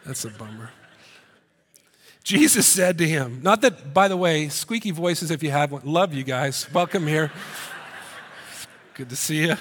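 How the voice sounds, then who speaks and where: Pastor guy giving a sermon, kinda high voice, gets loud n punchy on the big points, cracks jokes, lots of hall echo. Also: moderate pace. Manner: animated, jokey asides, rises in pitch and volume for emphasis. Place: church hall. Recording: long hall reverb.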